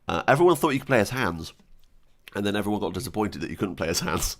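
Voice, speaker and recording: A young man chatting casually and excitedly as a streamer, joking and giggling between wishes. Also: on the low side, quick pace. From Britain. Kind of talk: casual gaming chat.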